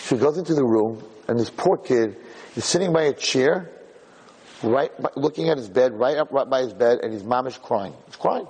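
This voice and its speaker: Animated rabbi telling a story. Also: male voice, normal speed, slightly rough. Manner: animated, rambling with restarts, rising to loud high peaks. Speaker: rabbi giving a class. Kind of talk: storytelling sermon to a live group. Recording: echoey hall.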